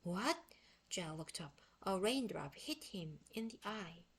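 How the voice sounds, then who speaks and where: A woman reading a children's book aloud in expressive, unhurried storytelling; her first language is Korean. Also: on the low side, slightly rough. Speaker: book reader.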